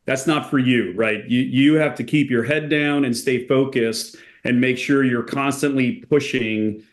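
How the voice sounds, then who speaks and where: A man's voice: mid-range voice, a little slow. Chatty male exec, lots of fillers. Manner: relaxed, frequent "you know" and "like" fillers, animated when telling stories. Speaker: company executive guest. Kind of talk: conversational podcast interview.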